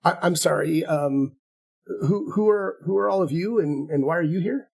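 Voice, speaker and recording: A man's voice: fairly high pitch, moderate pace, vocal fry, a little mellow, husky. Guy doing a flustered teen centaur girl, keeps stammering and saying sorry. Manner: stammering, apologetic.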